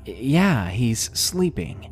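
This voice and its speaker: A man's voice: medium pitch, very animated, very slow, soft background music. A man voicing a nervous, annoyed young woman who answers a stranger tensely. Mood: uneasy. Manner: tense and defensive.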